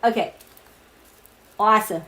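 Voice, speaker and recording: A woman hosting a tarot livestream at night, chatting casually with viewers, animated, laughing often and reading their comments aloud. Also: medium pitch, measured pace. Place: home, at night.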